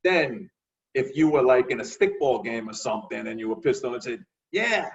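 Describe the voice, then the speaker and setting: A man telling lively stories in a casual conversation. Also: mid-range voice, brisk, far from the mic, muffled recording. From New York. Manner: animated, acts out voices in his stories. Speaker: guest.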